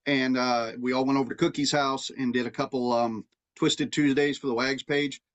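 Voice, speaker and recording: A man's voice: mid-range voice, steady tone, normal speed, a bit bright, dull audio. Rambling, swearing man on a podcast. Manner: rambling, profane storytelling with many restarts. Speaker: podcast co-host. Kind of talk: casual chat.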